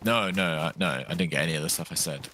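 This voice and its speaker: A man's voice: low-pitched, fast talker, pushed and bright, slight background noise. A man chatting casually while streaming a survival game, rambling and lightly joking. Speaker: gaming streamer. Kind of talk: casual live gameplay chat.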